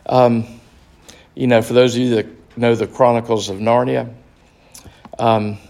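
A man leading a Bible study as pastor, speaking slowly and earnestly with restarts. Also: medium pitch, flat delivery, gravelly, a little mellow. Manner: slow, earnest, with fillers and restarts.

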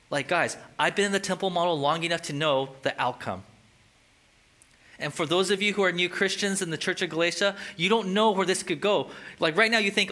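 A male pastor preaching a sermon in an animated, conversational way with frequent jokes. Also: high voice, a little fast.

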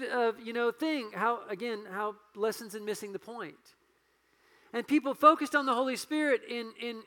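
A man preaching a sermon as pastor, earnest and building to loud, passionate delivery. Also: very high-pitched, big-room sound.

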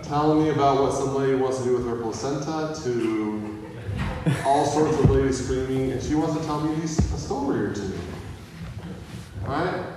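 A man's voice: medium pitch, normal speed. A man preaches in an easy, conversational way and keeps asking his listeners questions. His voice comes from well back from the mic and rings through a long-echoing hall, with a faint hum of the room behind him. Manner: conversational, asks the audience questions. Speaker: pastor. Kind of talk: sermon. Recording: echoey hall from far off.

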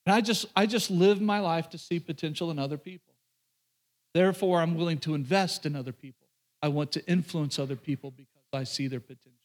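Male pastor, higher-pitched voice, chatty sermon with playful asides and frequent restarts. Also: brisk. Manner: conversational, joking asides with repetitions and restarts.

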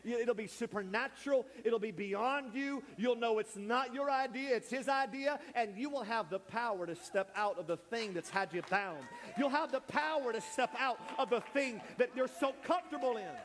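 A man preaching an impassioned sermon in church, building to shouts, and calling people forward. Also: extremely high pitch, normal speed, hardly any pauses, big-room sound, slight background noise. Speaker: pastor. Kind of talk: sermon with altar call. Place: church sanctuary.

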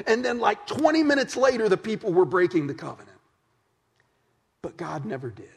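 A man's voice: sits high, brisk, gravelly, husky, long reverb tail. A man preaching a sermon in a conversational storytelling way, with folksy asides.

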